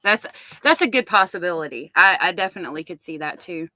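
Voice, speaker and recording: A woman's voice: on the low side, lively intonation, fast, pushed and bright, slight background noise. A woman hosting a casual livestream, reading viewer comments aloud and reacting to them. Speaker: livestream host.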